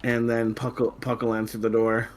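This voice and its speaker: A man running a tabletop game, describing what the other players see. He rambles and fills his talk with "like" and "you know", at a middle pitch. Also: completely flat delivery, normal speed. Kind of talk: tabletop role-play narration.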